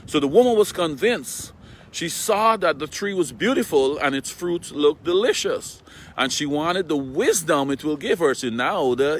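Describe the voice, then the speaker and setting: A man's voice: fairly high pitch, a little hiss or hum. A man giving a casual morning Bible talk, retelling scripture in plain everyday words and often asking his listeners "right?". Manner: conversational, checks in with "right?". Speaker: preacher. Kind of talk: morning devotional Bible teaching.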